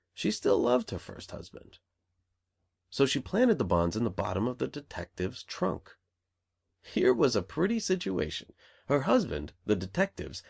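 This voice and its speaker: A man's voice: lowish voice, creaky, darkish tone. A man narrating an audiobook, reading the dialogue of the characters in a lightly varied voice.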